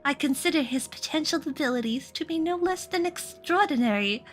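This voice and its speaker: A woman voicing a calm, composed female detective in a soft, measured voice while playing a story game. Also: sits high.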